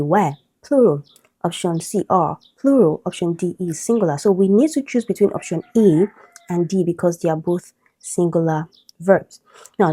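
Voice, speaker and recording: A woman's voice: fairly low pitch, dark tone, breathy edge. A woman teaching an exam-prep English lesson, explaining step by step and checking in with a frequent "okay?". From Nigeria.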